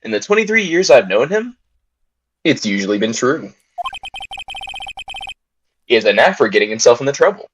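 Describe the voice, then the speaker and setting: A man's voice: medium pitch, very animated, normal speed, long pauses, dull audio, slight background noise, close to an everyday voice. Phoenix Wright read by a man. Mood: earnest. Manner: earnest first-person narration. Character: nervous young male defense attorney. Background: game music.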